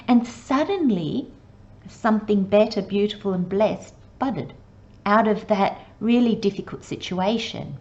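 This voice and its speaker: A woman giving a channelled tarot reading, talking slowly and gently and sometimes dropping to a soft murmur. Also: mid-range voice, muffled recording. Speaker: tarot reader.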